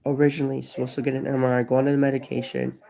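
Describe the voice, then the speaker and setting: A man's voice: medium pitch, completely flat delivery, very fast, gravelly, dark tone. A man in his thirties talking to his viewers in a personal vlog, grieving and distraught, repeating himself and swearing. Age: 30s. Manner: repetitive, profane, emotional. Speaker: vlogger.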